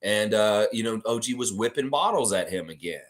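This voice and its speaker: Excitable male livestream host, lively pitch, casual chatty fan commentary. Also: brisk. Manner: animated, excitable, chatty, reads out viewer comments.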